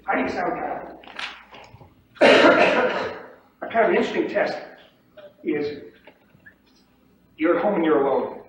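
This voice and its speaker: Brief: male trading instructor, emphatic and repetitive, slightly higher voice, distant mic in a very echoey room. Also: lively intonation, unhurried, long pauses, a bit bright, slight background noise. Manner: emphatic and repetitive, checks in with "okay?". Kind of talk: seminar lecture.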